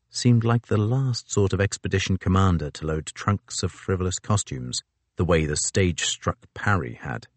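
A man reading a novel aloud as the narrator, in a measured, even storytelling manner on a close microphone. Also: low-pitched, no room sound. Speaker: audiobook narrator. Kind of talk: scripted narration.

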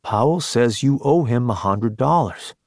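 A man voicing a calm older soldier who speaks in a quiet, insistent way in an audiobook. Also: mid-range voice, a little slow, dry recording, clean studio sound.

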